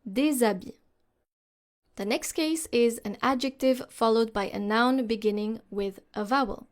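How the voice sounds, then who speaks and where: A woman teaching French pronunciation, explaining slowly and carefully and modelling words for the listener to repeat. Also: a little high. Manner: slow and deliberate, models words for repetition. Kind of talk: slow instructional explanation.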